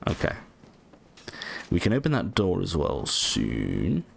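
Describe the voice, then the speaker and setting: Let's-play host: low-pitched man, rambly and animated, swears casually over gameplay. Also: takes it slowly, vocal fry, background noise. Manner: rambling, lots of ums, casual swearing, self-mocking. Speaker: gaming channel host.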